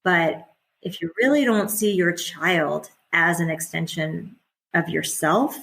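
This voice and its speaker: A woman's voice: fairly low pitch, slow pace, gravelly, a bit bright. A middle-aged woman speaks as a guest in a casual podcast conversation. She is candid and chatty, and laughter runs through her talk. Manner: chatty and candid, laughs often while talking.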